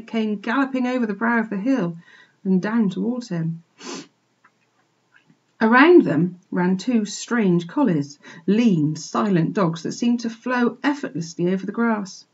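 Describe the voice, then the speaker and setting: A woman teacher expressively reading a children's book aloud for a remote class, pausing to point out pictures, on a dull lo-fi recording. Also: a little high, darkish tone, husky. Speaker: primary school teacher. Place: home, remote lesson.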